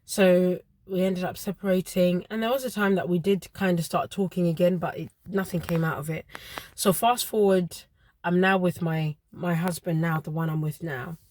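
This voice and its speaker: A woman, around her thirties, earnestly telling a personal story with emotional pauses. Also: on the low side, fairly even intonation, a little mellow.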